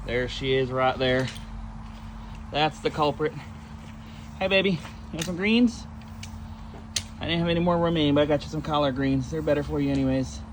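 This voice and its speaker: A man filming a casual outdoor vlog as a reptile keeper, chatting in a relaxed way and talking fondly to his tortoises. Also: on the high side, fairly quick, noisy background. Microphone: camera set on ground.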